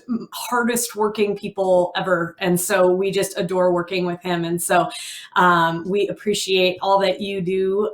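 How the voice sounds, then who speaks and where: A woman hosting a showcase who introduces the next act in a halting way, with many fillers. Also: mid-range voice. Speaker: showcase host. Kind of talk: introducing acts.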